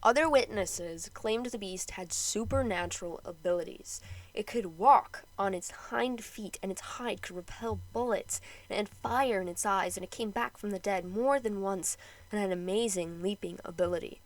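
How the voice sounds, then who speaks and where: A woman's voice: medium pitch, moderate pace, rough recording. A woman narrates a history episode for her own podcast, reading from a script. She keeps slipping into casual, joking asides between the read passages. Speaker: podcast host.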